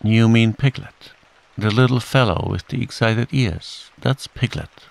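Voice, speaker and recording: A man's voice: medium pitch, unhurried, vocal fry. A man voicing a gloomy, self-pitying old male donkey in a mournful, dry way.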